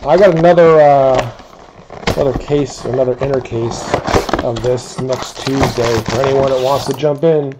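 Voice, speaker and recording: A man hosting a live sports card break, calmly listing teams and players as he opens packs. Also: mid-range voice, noisy background. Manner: slow, relaxed listing of teams and cards.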